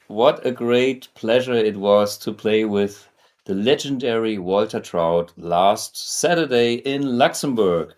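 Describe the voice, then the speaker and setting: A man's voice: medium pitch, a little mellow. A German man hosting a guitar show, talking casually to camera in English with many fillers and restarts. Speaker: host.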